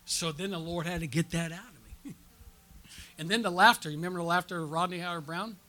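A pastor preaching a conference sermon, telling stories and drawing call-and-response from the congregation with frequent "okay?" and "amen?" checks. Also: male voice, high voice, brisk, sharp tone. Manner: storytelling with audience call-and-response.

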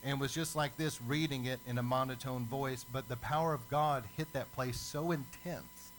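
A man preaching a sermon as a lively storyteller who acts out the people in his stories. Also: mid-range voice, normal speed, slight background noise, low-quality recording.

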